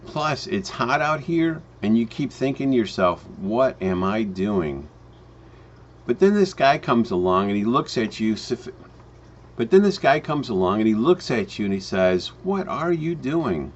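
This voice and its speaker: A man telling a home-business parable in a storytelling manner, with slow emphatic phrasing and frequent restarts. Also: lowish voice, big pitch swings, slight background noise. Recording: dull lo-fi recording.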